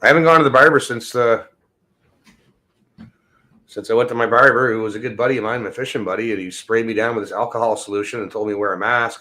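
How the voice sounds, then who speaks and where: A man's voice: mid-range voice, fast talker, bright, forceful tone. A man ranting casually and bluntly on a livestream, swearing often and drifting from topic to topic. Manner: profane, rambling and blunt. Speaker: livestream host.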